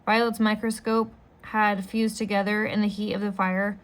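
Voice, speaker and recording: A woman reading a children's novel aloud as a storyteller, steady and unhurried. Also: medium pitch.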